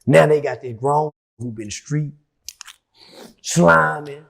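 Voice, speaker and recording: A middle-aged interviewee recounts a story slowly in a gravelly voice, cursing and growing heated as he drops to mutters and then yells.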